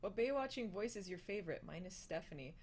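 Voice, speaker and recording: A woman's voice: medium pitch, lively intonation, fast talker, darkish tone, breathy edge. A young adult woman hosting a casual live stream, answering viewer questions with frequent laughs, fillers and restarts. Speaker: host of a live hangout.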